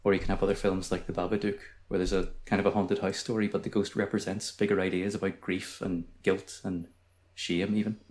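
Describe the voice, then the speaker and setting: This is a Northern Irish man speaking as a podcast guest, his voice low-set and calm. He talks quickly but smoothly, with a soothing, even manner. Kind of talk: casual chat.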